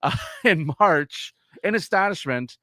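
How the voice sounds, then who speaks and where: A man's voice: high-pitched, expressive, a little slow, bright, forceful tone, no echo. Podcast co-host, man, middle-aged, dry booth sound, casual swearing comic delivery. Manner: reads news story aloud with jokes, swears casually. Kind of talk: casual comedic chat.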